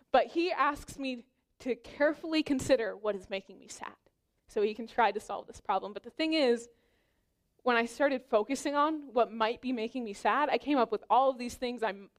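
Young woman preacher, slightly high voice, earnest and exhorting, sermon delivery. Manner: earnest, exhorting, personal anecdotes. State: pregnant.

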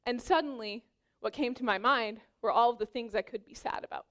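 A woman's voice: fairly high pitch, fairly quick. Young woman preaching an earnest sermon. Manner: earnest, exhorting, personal anecdotes. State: pregnant.

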